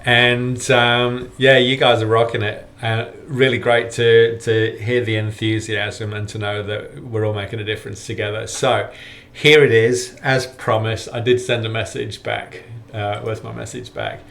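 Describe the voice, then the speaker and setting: A man's voice: lowish voice, little pitch movement, unhurried, vocal fry, fairly bright tone. A middle-aged man hosting a casual hiking vlog roundup, friendly and rambling with lots of fillers. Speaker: hiking challenge organiser and vlogger.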